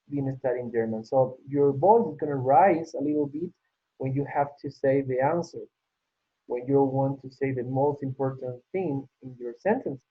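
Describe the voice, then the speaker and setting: This online English teacher talks in a somewhat high, slightly rough voice, patiently praising over and over as he moves through the exercises. He's heard through a video call with tinny, phone-like audio.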